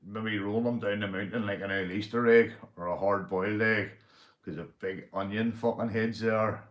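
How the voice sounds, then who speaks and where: A man with a Northern Irish accent hosting a casual livestream, swearing freely and giving loud shout-outs to viewers. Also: fairly low pitch, steady tone, moderate pace, roomy sound. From Northern Ireland. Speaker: livestream host. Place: indoors at home, drinking.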